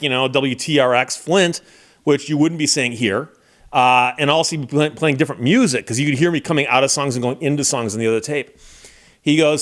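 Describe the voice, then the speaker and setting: A man's voice: medium pitch, a little fast, fairly bright tone. A man hosting his channel, telling a personal story in a casual, conversational way and acting out the voices he quotes. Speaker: channel host.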